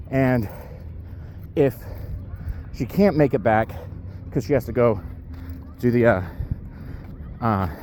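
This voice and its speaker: A man's voice: medium pitch, darkish tone, a little hiss or hum. A man talking casually into his camera while walking his dog outdoors, a bit out of breath from the uphill walk and rambling with lots of fillers. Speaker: powerlifter vlogging his day.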